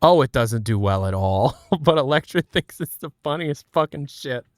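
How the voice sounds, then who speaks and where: Male streamer, casual and joking, lively pitch, dry close mic. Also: normal speed, dry recording. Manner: joking, laughing at his own bits. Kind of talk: casual chat.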